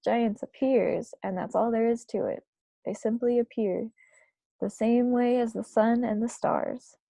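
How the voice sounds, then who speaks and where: A woman's voice: on the high side, steady tone, unhurried, gravelly, no echo. Woman voicing a kindly old giant. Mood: earnest. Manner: garbled grammar, loud and earnest. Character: huge kindly old male giant, muddled talker.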